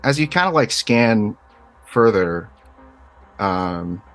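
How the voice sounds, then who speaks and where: A man's voice: fairly low pitch, animated, slow, fairly bright tone. A man running a tabletop game, describing scenes loosely with lots of fillers, over faint music. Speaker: game master.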